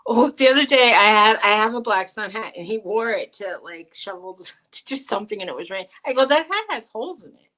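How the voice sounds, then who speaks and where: A middle-aged woman co-hosting a casual live chat, animated and coaxing her pet in a high baby-talk voice. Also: a little fast, hardly any pauses. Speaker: co-host of a live chat show.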